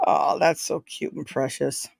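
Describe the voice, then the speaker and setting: A woman's voice: low-pitched, fairly even intonation, a little slow, vocal fry, darkish tone, no echo. A woman co-hosting a livestream in loose, profane, jokey chat. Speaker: livestream co-host.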